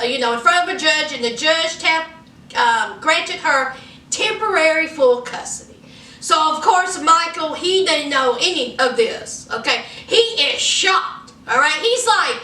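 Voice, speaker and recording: Sassy high-voiced woman. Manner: sassy, animated, acts out quotes. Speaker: reality show reviewer. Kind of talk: casual commentary. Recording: echoey room, from far off.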